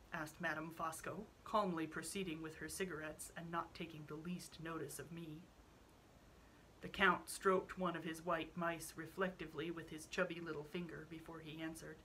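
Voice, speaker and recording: A woman's voice: sits low, little pitch movement, moderate pace, a bit bright, a little hiss or hum, low-quality recording. A woman reading a classic novel aloud. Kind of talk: audiobook narration.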